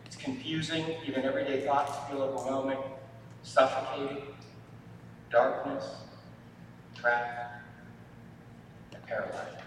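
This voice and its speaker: A man, a family therapist, giving a sermon-style talk to a church audience, with halting speech and repeated words. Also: medium pitch, steady tone, slight background noise. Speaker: marriage and family therapist speaking at a church event. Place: church hall. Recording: echoey hall from far off.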